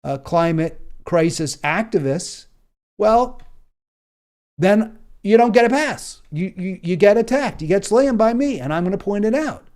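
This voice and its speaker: On his solo political commentary show, an American-accented man talks with passion, repeating points emphatically and often using fillers and restarting. His high voice is animated and darkish, delivered at a measured pace.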